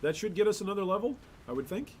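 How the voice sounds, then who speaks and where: A man's voice: high-pitched, expressive, fast, a little hiss or hum. A man hosting a gaming channel, giving casual gameplay commentary with rambling, exasperated asides.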